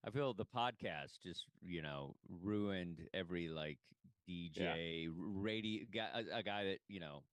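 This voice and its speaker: A male comedian co-hosting a podcast, chatting casually in a lowish voice. He often interjects and wanders off on tangents, and his voice sounds dry and close. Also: a little slow, fairly bright tone, smooth, no echo. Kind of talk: casual chat.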